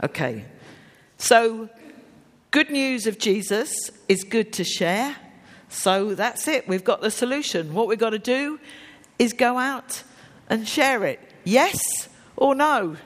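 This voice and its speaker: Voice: mid-range voice, expressive, slow. A preacher giving a conversational sermon to a congregation, putting simple yes-or-no questions to them. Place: church with a congregation. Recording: long reverb of a large hall.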